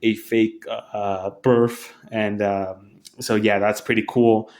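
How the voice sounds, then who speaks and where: A man's voice: lowish voice, level tone, darkish tone. A man casually telling a rambling story to camera, swearing often and restarting his sentences. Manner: rambling, profane, halting restarts. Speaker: vlogger.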